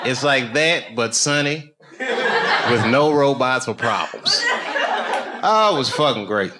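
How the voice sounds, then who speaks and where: A male stand-up comedian talking with a lively, bouncing pitch, loose and laughing, swearing freely as he chats with the crowd. The recording comes from a live club, with steady noise behind his voice.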